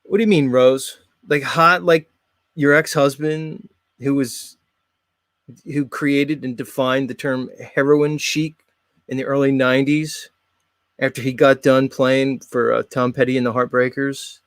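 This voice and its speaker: A man's voice: mid-range voice, steady tone, a little slow, a bit bright, no echo, studio quality. Sarcastic male podcast host. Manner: mocking, sarcastic, blunt. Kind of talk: casual comedic rant.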